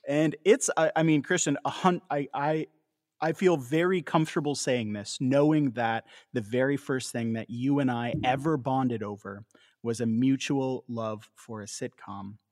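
A Canadian man co-hosts a podcast, talking easily and laughing often. His sentences restart and trip over themselves as he goes. The recording is dry and close, and his voice sits in a middle pitch. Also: fairly even intonation, moderate pace, a little mellow, dry recording. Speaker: podcast co-host. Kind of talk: casual chat.

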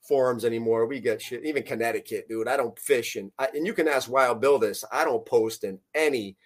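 The founder of a fishing tournament trail chats casually on a podcast, rambling with many fillers and restarts. He speaks at medium pitch and a fairly quick pace.

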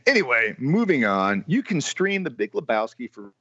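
A man's voice: mid-range voice, sing-song, normal speed, sharp tone, breathy edge, dry recording. Guy hosting a movie pod, jokey, keeps restarting words, dry dull sound. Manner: jokey, stumbles and repeats words. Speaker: podcast host. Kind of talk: casual movie podcast chat.

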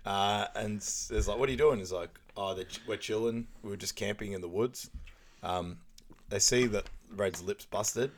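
A man with a lowish voice retells film scenes for a podcast and laughs often as he goes. A faint noise sits under the recording. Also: steady tone, normal speed. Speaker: podcast co-host. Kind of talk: casual film recap chat.

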